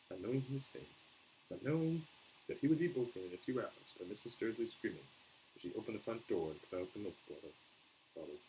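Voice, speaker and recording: A man's voice: medium pitch, a little mellow, a little hiss or hum, rough recording. A man reading a children's novel aloud in a casual, unpolished way, with small slips and restarts. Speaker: show host reading aloud.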